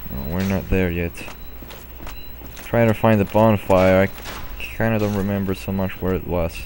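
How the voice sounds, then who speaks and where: A man's voice: deep voice, fairly even intonation, moderate pace, darkish tone, slight background noise. A man commenting on his own gameplay, frustrated and swearing, muttering to himself.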